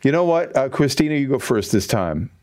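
A man's voice: mid-range voice, very animated, fairly quick, darkish tone, no echo, clean studio sound. A man hosting a film segment in casual, rambling chat, often correcting himself. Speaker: host.

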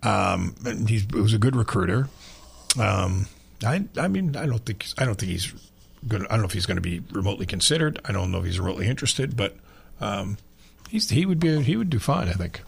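An older sports radio host tells long, rambling stories in a low voice. His tone is gravelly and a bit husky, and he keeps jumping from one thought to the next. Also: fairly quick. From Long Island, New York. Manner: rambling, animated storyteller. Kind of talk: casual sports radio chat.

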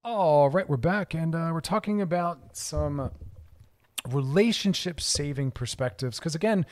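A man's voice: a little high, unhurried, a little mellow. A man hosting a radio talk show, speaking earnestly and animatedly as he gives advice in a monologue. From California, United States.

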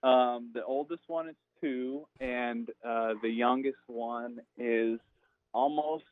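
A man's voice: mid-range voice, steady tone, slow, no room sound. A young man answering as a guest, easygoing and brief. His voice comes through a slightly dull, muffled line. It sounds close and dry. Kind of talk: relaxed interview answers.

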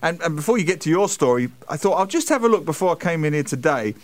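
Chatty British radio host, slightly high. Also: male voice, racing. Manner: animated storytelling, reads emails aloud in put-on voices. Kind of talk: casual radio chat.

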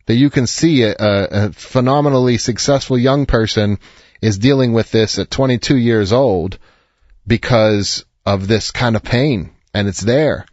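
A man's voice: medium pitch, a little mellow, dry recording, dull audio. A man hosting an advice show, counseling a caller earnestly and reassuringly, sometimes telling a story.

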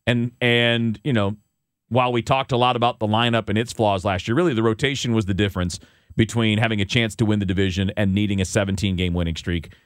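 A man co-hosting a casual sports talk show, talking in animated rants with many restarts. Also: fairly low pitch, quick pace, smooth, no echo, studio quality. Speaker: co-host.

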